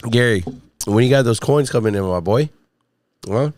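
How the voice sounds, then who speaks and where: A man's voice: mid-range voice, normal speed, a little mellow, no room sound. A man hosting a casual solo livestream, rambling and swearing as he chats to viewers, his voice still worn from a recent illness. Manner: rambling, profane, chatting to viewers. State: recovering voice after illness. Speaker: podcast host. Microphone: studio mic with podcast mixer.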